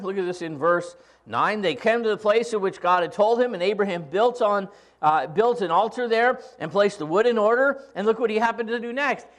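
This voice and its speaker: A pastor preaching a conversational sermon in church, with humorous storytelling. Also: male voice, sits high, a bit bright.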